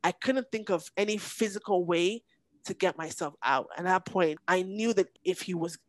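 A woman, a podcast guest telling a painful personal story in an intense, halting way that sometimes breaks off with emotion. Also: on the low side, dry recording, low-quality recording. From Nigeria.

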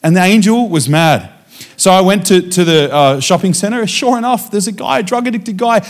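A man preaching as a guest speaker, telling a personal testimony in a lively storytelling way and acting out the dialogue. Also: high voice, fairly quick. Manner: animated storytelling, acting out dialogue with frequent restarts.

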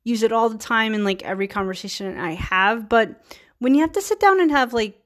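30s woman hosting a podcast, talks loose and rambly w lots of fillers and restarts, a bit high pitched. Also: animated, fairly quick, fairly bright tone. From Virginia. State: a little tired. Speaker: podcast host. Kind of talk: casual solo talk.

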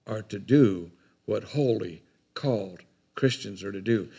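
A man's voice: on the low side, measured pace, gravelly, warm tone, slightly rough. An older man preaching a sermon in a folksy, rambling way, often repeating his words.

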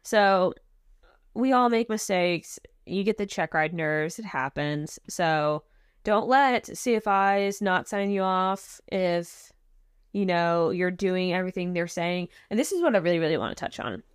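A woman's voice: lowish voice, a little slow, clear, resonant tone, no room sound. Chatty woman, dry close mic. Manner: candid, chatty, self-deprecating humor. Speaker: podcast co-host, flight instructor. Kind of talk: casual chat.

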